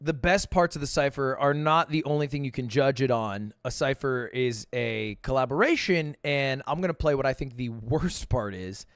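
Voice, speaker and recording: A man streaming and giving casual commentary on music, talking in a relaxed, rambling way with lots of fillers and some teasing. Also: medium pitch, moderate pace, hardly any pauses, no room sound, clean studio sound. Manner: relaxed, talky, full of "like" and "you know", teasing.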